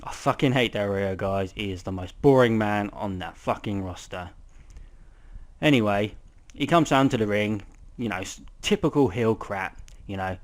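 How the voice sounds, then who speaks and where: A young man giving a casual, rambling review of a wrestling show, swearing often and filling pauses with ums. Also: on the low side.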